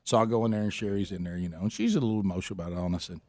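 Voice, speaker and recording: A man's voice: fairly low pitch, very fast, darkish tone, no echo. Man, middle-aged, radio co-host, rambling storyteller, dry close mic. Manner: rambling storyteller, teasing, many restarts. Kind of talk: casual chat.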